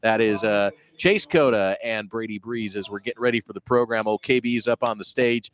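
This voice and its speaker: A man hosting a live radio interview at a stadium club event, upbeat and teasing, quick to jump in. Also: on the low side. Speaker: radio host interviewing former players.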